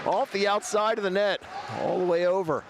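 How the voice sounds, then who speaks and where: A man giving brisk, clipped play-by-play commentary on a live hockey game. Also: high-pitched, steady tone, background noise.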